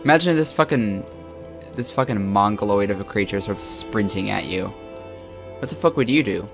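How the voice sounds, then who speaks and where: A man giving crude, joking commentary while playing a video game, with loud excited outbursts. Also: fairly low pitch, moderate pace, creaky, over music. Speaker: gamer streaming his own play. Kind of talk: profane let's-play commentary.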